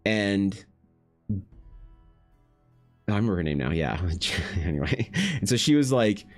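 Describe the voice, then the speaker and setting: A man with a fairly low voice chats casually to his live-stream audience. His talk is loose and profane, full of restarts and asides. Soft music plays faintly underneath. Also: lively intonation, measured pace. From Canada. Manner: profane, rambling anecdote with frequent restarts. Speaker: artist streaming while drawing.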